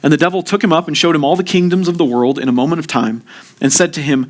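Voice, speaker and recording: A man's voice: fairly high pitch, quick pace. Earnest male pastor preaching a sermon. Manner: earnest, repeats opening words when starting sentences. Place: church.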